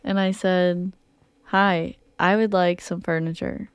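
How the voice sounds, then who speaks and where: A woman's voice: fairly low pitch, little pitch movement, slow pace, clear, resonant tone, no room sound. A young woman co-hosting a podcast, telling a story in casual chat and acting out what people said. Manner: chatty storyteller, acts out quotes. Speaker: podcast co-host.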